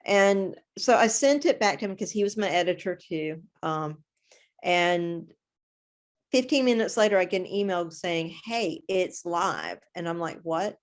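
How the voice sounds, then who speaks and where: Lower-pitched woman telling animated stories. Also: unhurried. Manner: animated storytelling, acts out her own reactions. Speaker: guest author. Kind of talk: casual interview chat.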